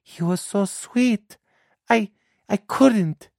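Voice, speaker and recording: A man voicing a naive young alien girl who speaks in a high, soft, childlike way. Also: drawn-out words, gravelly, dry recording, clean studio sound, full character voice. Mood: wistful.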